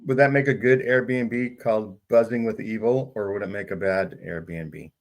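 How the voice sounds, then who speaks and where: A man's voice: on the low side, fairly even intonation, moderate pace. A male interview host who drops in dry, joking asides. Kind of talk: conversational interview.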